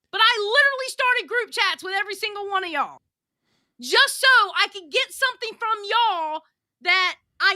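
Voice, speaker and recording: A blunt female co-host with a very high, sharp voice complains and swears her way through a casual livestream chat. Her pitch moves widely, and the dry close sound has no room echo.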